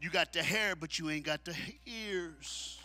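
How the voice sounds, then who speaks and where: In a church hall hosting a men's conference, a preacher delivers his sermon, booming out call-and-response lines before slipping into quick, low-voiced asides.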